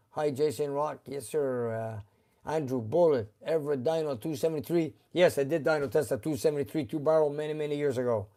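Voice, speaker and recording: Reading viewer comments on his live stream, a middle-aged man who owns a garage speaks in a relaxed, halting way with many fillers. His voice is gravelly and on the high side.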